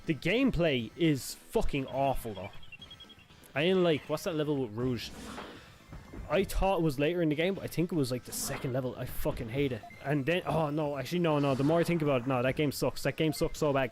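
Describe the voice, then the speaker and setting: A game streamer with a medium-pitched voice chats casually on a live stream, rambling, swearing, and often correcting himself mid-sentence. There's a little hiss or hum in the audio.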